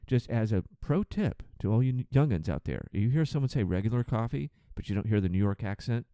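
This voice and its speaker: Exasperated ranting man, mellow voice. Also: on the low side, lively intonation, no echo, clean studio sound. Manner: exasperated, sarcastic, profane; acts out passengers in quick put-on voices. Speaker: podcast host, flight attendant. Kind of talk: ranting monologue.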